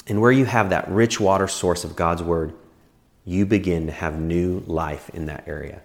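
A man's voice: deep voice, moderate pace, vocal fry. A man preaching a sermon as pastor, earnest and encouraging, repeating words as he speaks. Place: church.

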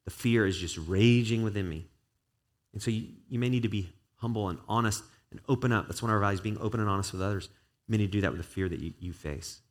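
A pastor with a fairly low voice preaching in an earnest, conversational way. He talks to his church as he would to friends and moves into spoken prayer. His words carry plain encouragement. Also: fast. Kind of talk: sermon.

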